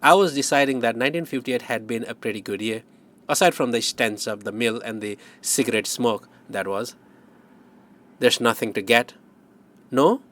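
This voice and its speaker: Male audiobook narrator, wry and measured. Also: medium pitch, a bit bright.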